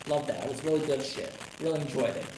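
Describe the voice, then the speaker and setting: A man ranting on a casual live stream about wrestling, swearing constantly and rambling with sudden excited outbursts. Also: mid-range voice, fast talker. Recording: echoey room with noisy background.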